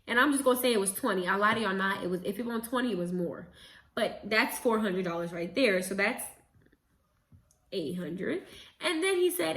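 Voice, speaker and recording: A young adult woman casually retelling a story as a vlogger, chatty and animated, with quick self-corrections. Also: mid-range voice. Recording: roomy echo.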